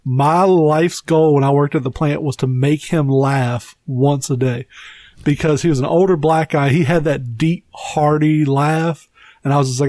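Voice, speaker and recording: A man's voice: a little high, fairly even intonation, unhurried, dark tone, no echo, clean studio sound. A man co-hosting a podcast, joking crudely in casual chat. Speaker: podcast co-host.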